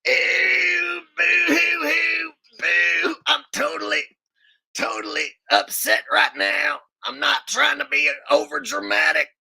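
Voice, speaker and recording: A man doing an impression of a ranting radio host, sobbing and furious, with a high shouted voice. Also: fairly even intonation, unhurried, creaky, full character voice. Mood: sobbing rage. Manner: wailing and bellowing rant.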